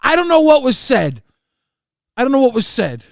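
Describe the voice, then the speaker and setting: A man's voice: very high-pitched, wildly swooping pitch, normal speed, creaky, no echo, studio quality. A man co-hosting a crude, jokey commentary stream, laughing often and slipping into silly put-on voices. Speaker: co-host.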